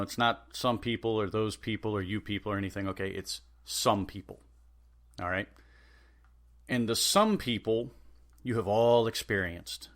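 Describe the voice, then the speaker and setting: A man's voice: lowish voice, a bit bright. Sarcastic man ranting on a podcast. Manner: sarcastic, swears freely. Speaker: podcast host. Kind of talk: profane comedic rant.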